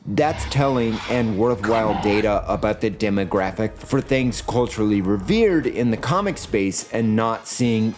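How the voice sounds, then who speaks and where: Sarcastic guy doing a video essay voiceover, jokey, some music under it. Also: a little mellow. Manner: sardonic and jokey, with swings in pitch. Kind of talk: scripted video essay narration.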